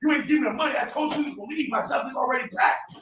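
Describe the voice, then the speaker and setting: A man's voice: very high-pitched, very fast, sharp tone. A man arguing as a tenant, repeating his demands over and over, heard on a distant, echoey phone recording with crowd noise behind. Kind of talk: heated argument.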